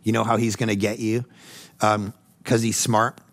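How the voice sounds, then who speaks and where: A middle-aged male pastor preaching a sermon, animated, jumping between loud mock voices and hushed, calm passages. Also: on the low side, moderate pace.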